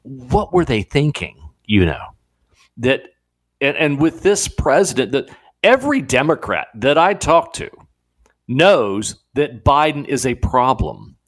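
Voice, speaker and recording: A man's voice: mid-range voice, measured pace. A man hosting a talk radio show, giving a digressive opinion monologue with frequent restarts. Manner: animated, digressive, many restarts. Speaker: guest radio host. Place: radio studio.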